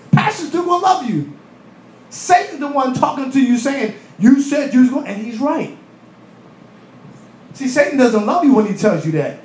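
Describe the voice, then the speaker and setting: A man preaching a sermon in a church, animated, acting out voices and laughing in asides. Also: very high-pitched, roomy sound, rough recording. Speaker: pastor. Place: church hall.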